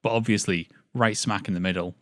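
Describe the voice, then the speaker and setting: British male film-review co-host, lowish voice, measured and analytical, dry sound. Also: fairly even intonation, fairly bright tone, no echo. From Britain. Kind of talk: casual film review chat.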